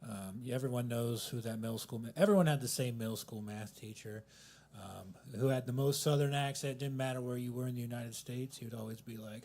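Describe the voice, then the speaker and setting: A man in his thirties doing a self-deprecating open mic stand-up set in a coffee house, swinging between loud punchlines and mumbled asides. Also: medium pitch, fairly quick. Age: 30s. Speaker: stand-up comedian.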